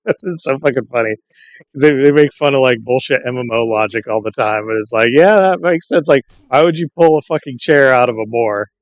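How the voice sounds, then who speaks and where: A man chatting casually with friends while playing an online game, swearing freely and telling stories at a relaxed pace. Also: mid-range voice, a little fast, no room sound. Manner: profane, laid-back storytelling. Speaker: gamer in a group. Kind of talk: casual voice chat while gaming.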